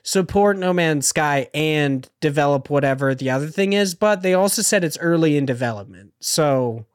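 A man on a casual podcast, talking in a rambling way and packing his sentences with filler words. His voice sits a bit higher than most men's and sounds close and dry, with no room around it. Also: animated, moderate pace, smooth, no echo. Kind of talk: casual gaming podcast chat.

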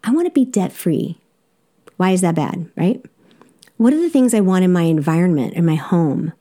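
On her solo coaching podcast, a woman with a Southern accent addresses listeners directly and encouragingly, laughing easily. She speaks in a mid-range voice with a dark tone.

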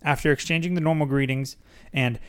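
A man's voice: on the high side, fairly even intonation, a little fast, clear, resonant tone. Young man, podcast guest, reads a memoir aloud with mock drama and jokey asides. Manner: reads dramatically, breaks off to laugh and joke. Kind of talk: casual reading aloud with asides.

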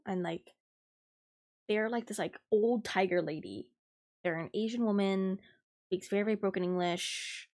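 A woman's voice: mid-range voice, moderate pace, creaky, darkish tone. A young adult woman hosting a podcast, ranting and swearing as she dramatically retells a work story. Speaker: podcast host. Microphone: podcast mic, recorded live.

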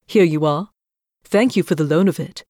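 A man's voice: on the high side, normal speed, a little mellow, dry recording, clean studio sound, voice pushed up, natural voice. A man voicing a friendly, mysterious man at a Christmas party. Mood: kindly.

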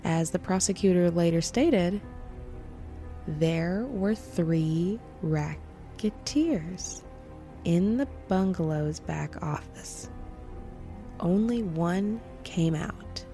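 A woman's voice: fairly low pitch, very slow, dark tone, soft background music. A woman hosting a podcast, narrating a true-crime story from a script with wry asides. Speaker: podcast host.

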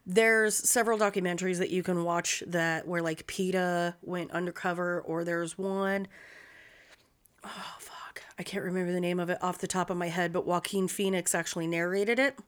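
A woman's voice: on the low side, steady tone, fairly quick, hardly any pauses, smooth. A woman hosting a podcast, telling a true-crime story in a casual, profane, blunt way.

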